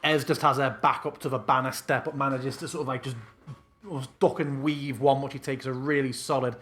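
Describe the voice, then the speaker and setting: Bright-voiced male game master. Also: medium pitch, level tone, fairly quick. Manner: descriptive, loose narration with "sort of" and "um". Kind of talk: narrating a tabletop game online.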